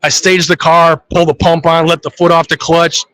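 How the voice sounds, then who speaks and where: Animated drag racer telling stories. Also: male voice, fairly high pitch, normal speed, no echo, rough recording. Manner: animated storyteller who acts out his own reactions. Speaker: funny car drag racer. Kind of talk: live trade show interview.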